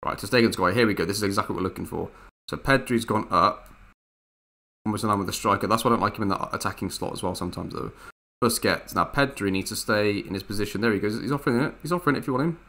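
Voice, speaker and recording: A man's voice: fairly low pitch, racing, sharp tone. A man giving frustrated, thinking-aloud commentary over a football management game, swearing now and then. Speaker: gaming youtuber. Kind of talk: gameplay commentary.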